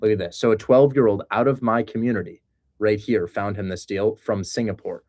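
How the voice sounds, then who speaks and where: A young man hosting a casual livestream, excitable and joking. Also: lowish voice, a little fast. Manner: excitable and joking, breaks into loud mock accents. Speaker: host of a livestream on real estate wholesaling.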